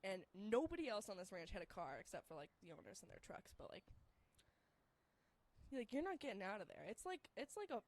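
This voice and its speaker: A young woman telling a story in casual chat, rambling with many fillers and turning shrill and laughing when excited. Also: brisk.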